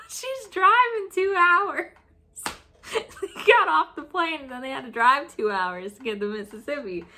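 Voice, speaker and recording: A young woman with a high, bright voice tells a story in a casual, unscripted way. She breaks into laughter and near-tears again and again, and curses freely. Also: unhurried, a little hiss or hum. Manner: laughing through the story, crying-laughing, swearing often. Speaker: vlogger telling a story.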